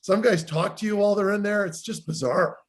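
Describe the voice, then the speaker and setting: A man co-hosting a podcast, telling rambling, animated anecdotes in casual chat. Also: high-pitched, fairly quick. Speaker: podcast co-host, former pro hockey player.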